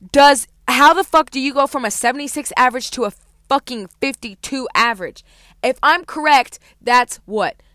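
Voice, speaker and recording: A woman's voice: sits high, fairly bright tone, dry recording. Young woman ranting, profane and exasperated. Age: young adult. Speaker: college student. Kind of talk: casual ranting vlog.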